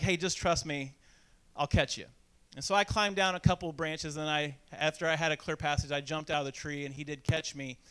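Man from indiana, preacher, high clear voice, self-deprecating storytelling. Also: a bit bright. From Indiana, USA. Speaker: pastor. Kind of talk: sermon with personal story.

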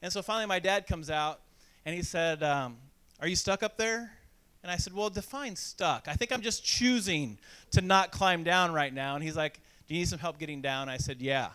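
A man's voice: on the high side, moderate pace, bright, forceful tone, smooth. A man from Indiana preaching a sermon, telling a self-deprecating childhood story and acting out the voices of the people in it. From Indiana, USA. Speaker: pastor.

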